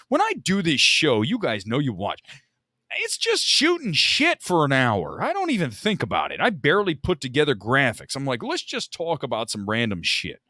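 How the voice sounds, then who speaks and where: Brief: male live-stream host, slightly high voice, bright tone, rambling jokey chat. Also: no echo, clean studio sound. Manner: rambling, joking and self-mocking. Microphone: desk microphone.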